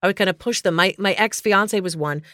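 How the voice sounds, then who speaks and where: A woman, co-hosting a podcast and bantering quickly, quick to laugh. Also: mid-range voice, a bit bright, dry recording, clean studio sound. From New Jersey, USA. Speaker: podcast co-host. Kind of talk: casual podcast chat.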